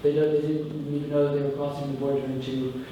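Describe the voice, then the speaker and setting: A man on a panel speaking haltingly, restarting his sentences. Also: a little high, little pitch movement, dark tone, dull audio, slight background noise. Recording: echoey hall from far off.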